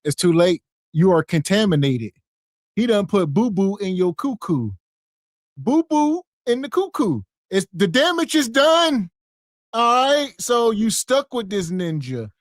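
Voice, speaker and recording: A man's voice: high-pitched, big pitch swings, unhurried, no echo, clean studio sound. A man co-hosting a podcast, cracking jokes about the clip and acting out both sides of a phone call. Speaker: podcast co-host. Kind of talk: reaction podcast banter.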